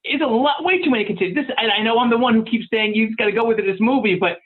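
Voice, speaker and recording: High-voiced man on a tinny phone line. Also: rapid-fire. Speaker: podcast panelist. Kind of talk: casual chat.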